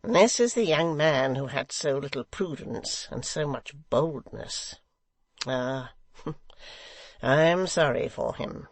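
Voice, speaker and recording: A man voicing a sly, sneering secretary who speaks in a slow, measured, mocking way with a gravelly edge. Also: a little high, dry recording. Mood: cold sneering.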